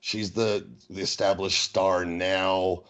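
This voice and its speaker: A man co-hosting a podcast in casual chat, rambling with halting restarts and chuckling at his own jokes. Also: sits low, little pitch movement, fairly bright tone. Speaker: podcast co-host. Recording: dull lo-fi recording.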